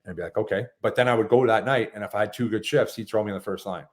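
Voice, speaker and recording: A man in his thirties with a fairly low voice, chatting as an interview guest. He tells stories in an animated way, trips over his words and restarts, and laughs as he goes. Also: racing. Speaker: former hockey player, guest. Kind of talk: casual interview chat.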